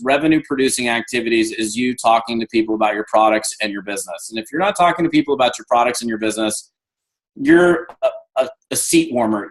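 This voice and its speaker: A man in his fifties giving an energetic motivational talk on a video call, acting out the voices in his stories. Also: medium pitch, rough recording. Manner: energetic storyteller, acts out dialogue. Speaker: guest speaker.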